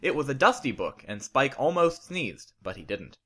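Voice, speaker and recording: Bright-voiced man reading deadpan. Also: medium pitch, normal speed. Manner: straight-faced, reads mistakes as written. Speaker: narrator, fan fiction reader. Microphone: home condenser microphone.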